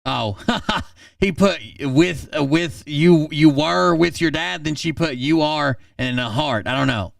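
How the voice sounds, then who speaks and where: A man's voice: on the high side, unhurried, vocal fry, dry recording, studio quality, recorded from a distance. A man reading out a string of text messages, stopping for sarcastic and profane asides.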